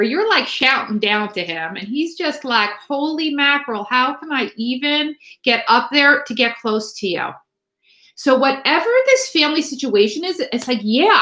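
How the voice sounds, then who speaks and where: A woman's voice: high voice, a bit bright, roomy sound. Rambling chatty tarot reader woman. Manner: rambling, chatty, many fillers and restarts. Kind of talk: live-stream tarot reading.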